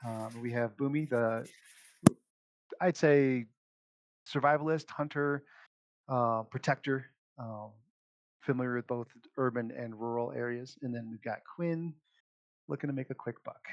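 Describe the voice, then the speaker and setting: A man with a medium-pitched voice plays game master, casually walking through character creation and the rules. He's relaxed and chatty, using plenty of fillers and laughing often, and the recording has no echo.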